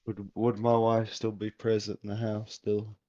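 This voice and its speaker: A man's voice: fairly low pitch, completely flat delivery, normal speed, mellow, no echo, lo-fi sound. A man playing a tabletop game, speaking hesitantly in character. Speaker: player. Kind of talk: in-character tabletop role-play.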